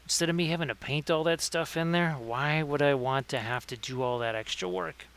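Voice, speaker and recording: A man's voice: fairly high pitch, fairly quick, vocal fry, fairly bright tone, a little hiss or hum. A man hosting a casual livestream painting tutorial, chatting with viewers by name between painting tips. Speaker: miniature painting streamer.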